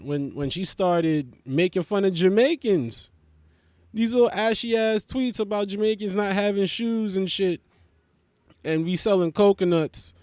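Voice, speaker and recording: A man with a slightly higher voice rambles through comic stories, cursing freely and slipping into quick put-on voices for the jokes. The sound is dry and close, with no room around it. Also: dry recording. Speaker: comedian host. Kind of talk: comedic monologue.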